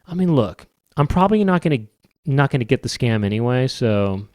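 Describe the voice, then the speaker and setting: Male podcast host, wry casual rambling, mid-pitched, dry close sound. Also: big pitch swings, brisk, a little mellow, dry recording. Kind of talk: casual comedic monologue.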